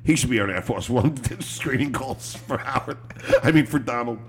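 A man hosting a podcast, telling a story in a laughing, rambling, animated way with swearing and restarts. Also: mid-range voice, normal speed. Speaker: podcast host. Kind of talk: casual storytelling chat.

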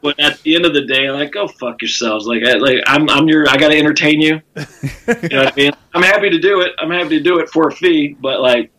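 A Southern man with a bright, forward voice and a slightly husky texture tells stories as a comedian guest. His speech rambles, full of fillers and profanity, in a loose podcast conversation. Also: a little high, brisk, poor audio. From South Carolina. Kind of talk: casual podcast chat.

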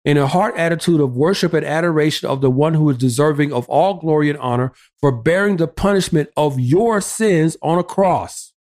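A man's voice: on the high side, normal speed, few pauses, darkish tone. A man preaching emphatically on a talk show, citing scripture references and pressing rhetorical questions in a repetitive cadence. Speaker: pastor guest.

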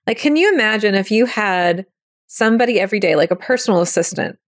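A woman's voice: mid-range voice, expressive, fast talker, no echo, studio quality. A woman hosting a podcast, teaching in a casual, chatty way and acting out quoted thoughts in little voices. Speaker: podcast host. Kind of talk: casual spiritual teaching talk.

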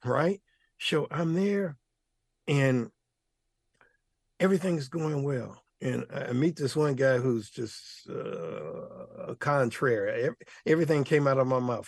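An older man with a gravelly, husky voice tells stories with exuberant, playful energy. He laughs often and drops casual slang as he talks. The sound is dry and close. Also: mid-range voice, no echo. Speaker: guest, author and mentor. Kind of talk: animated storytelling interview.

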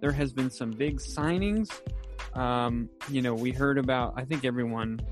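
An upbeat man hosts a casual sports talk show at a middle pitch, laughing often and rambling through fillers. Faint music sits behind his voice. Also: normal speed.

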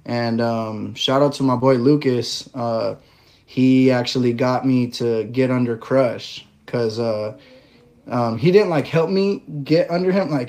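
A man guesting on a podcast, telling his story in a relaxed way with lots of fillers. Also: mid-range voice, a little slow. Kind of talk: casual interview chat.

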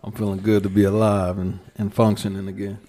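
A man's voice: on the low side, level tone, brisk, mellow. A man guest on a podcast, laid-back and laughing in casual chat.

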